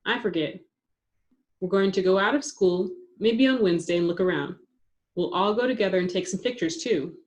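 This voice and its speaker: A woman's voice: medium pitch, moderate pace, lightly acted. A woman voicing an eager, friendly schoolgirl who speaks up with enthusiasm.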